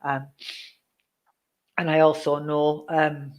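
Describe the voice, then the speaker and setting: Chatty woman, flat delivery. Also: low-pitched, slow. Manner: chatty, checks in with "okay?"; addresses viewers by name. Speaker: psychic medium. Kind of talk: live online reading.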